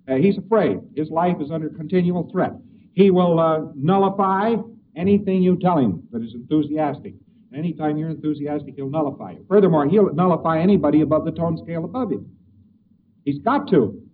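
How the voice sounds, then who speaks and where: A man giving a conversational lecture with hesitations and acted examples, recorded on an old tape. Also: a little high. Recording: old tinny distant tape with hiss.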